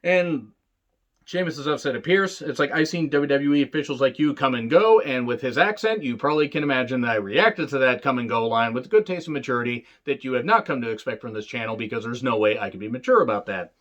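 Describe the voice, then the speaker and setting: A man's voice: medium pitch, animated, fast talker, a bit bright, muffled recording. A man who reviews wrestling shows in a casual, sarcastic way, with a lot of swearing and jokes. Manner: sarcastic, joking, rambling. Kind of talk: casual profane commentary.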